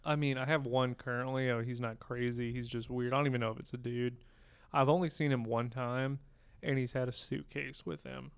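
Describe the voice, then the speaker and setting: A man talks in a flat, even tone with a smooth, clear voice. He co-hosts a casual film podcast and rambles through his stories deadpan. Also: medium pitch, fairly quick. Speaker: podcast co-host. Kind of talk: casual chat.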